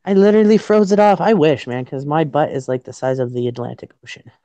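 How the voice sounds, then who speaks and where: Speaking fast with lively intonation, a Canadian woman with a low, dark voice hosts a casual livestream outside in the freezing cold. There's no room sound and the highs are cut off; she shivers, stutters, and laughs at herself as she jokes in a giggly way.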